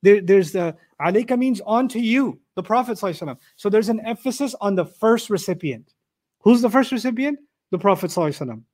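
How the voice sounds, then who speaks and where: High-voiced man teaching scripture. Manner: animated, asks the audience rhetorical questions; recites Arabic verses quickly. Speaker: Quran teacher. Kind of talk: lecture on scripture.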